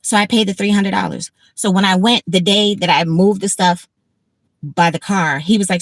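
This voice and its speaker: A woman's voice: medium pitch, steady tone, normal speed, no echo. Tired, blunt woman in her fifties. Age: 50s. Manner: blunt, profane, repeats herself. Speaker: livestream host. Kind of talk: casual livestream chat.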